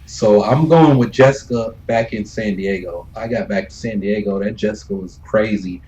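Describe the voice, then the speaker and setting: A man's voice: lowish voice, moderate pace, few pauses, darkish tone, rough recording. Laid-back male streamer telling stories. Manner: loose, laid-back, swears freely, chuckles between lines. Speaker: gaming streamer. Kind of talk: casual storytelling while streaming.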